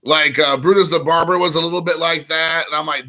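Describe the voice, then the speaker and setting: Young male streamer, gravelly and bright, loose rambling delivery. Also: fairly high pitch, level tone, fast talker, few pauses. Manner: rambling, frequent fillers, reads chat aloud. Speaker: live stream host. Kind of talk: casual live stream chat.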